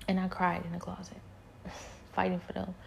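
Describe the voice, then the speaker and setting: A woman giving a rambling personal spiritual testimony, speaking softly and often dropping into a whisper. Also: fairly low pitch, monotone, moderate pace, gravelly, slight background noise. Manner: soft-spoken, often trailing into whispers; rambling, many fillers and repeats.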